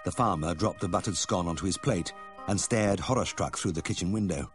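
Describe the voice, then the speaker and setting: A man narrating a first-person memoir audiobook in a measured, expressive storytelling manner. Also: low-pitched, faint music behind.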